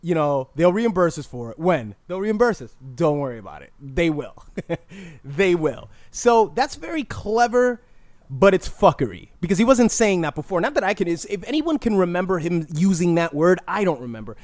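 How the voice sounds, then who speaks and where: A man co-hosting a comedy podcast, chatting casually with quick, profane wit. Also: high voice, very animated, a little mellow, no echo. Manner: quick-witted, laughing, profane. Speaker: podcast co-host.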